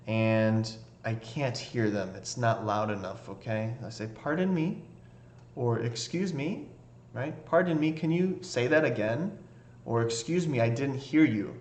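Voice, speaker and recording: A man teaching an English lesson, explaining patiently and often checking in with the learners by asking "okay?". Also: mid-range voice. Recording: echoey room.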